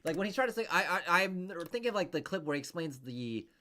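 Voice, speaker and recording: A man's voice: sits high, big pitch swings, fast talker, bright, forceful tone, slight background noise. A man coaching over a video call, rambling casually with many restarts and fillers. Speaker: interview coach.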